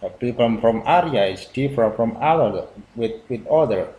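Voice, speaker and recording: A man with an Indonesian accent hosts a casual reaction video in halting non-native English, often restarting his sentences. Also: medium pitch, animated, warm tone, highs cut off. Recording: roomy echo.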